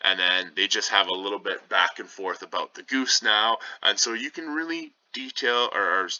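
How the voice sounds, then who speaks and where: A man's voice: on the low side, moderate pace, sharp tone, no room sound. A male teacher casually explaining a scene of a play to students, talking conversationally with many asides. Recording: slightly dull lo-fi sound.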